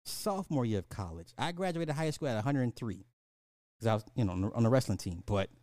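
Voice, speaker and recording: A man's voice: medium pitch, expressive, fast, darkish tone, dry recording, clean studio sound. A man hosting a podcast, rambling in casual commentary, laughing and apologizing for going off track. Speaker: podcast host.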